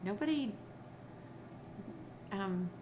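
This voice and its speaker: A woman's voice: medium pitch, very slow. A middle-aged woman, a children's entertainer, chatting as a podcast guest and animatedly acting out stories. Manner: animated storyteller who acts out quotes. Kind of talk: casual interview chat. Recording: noisy background.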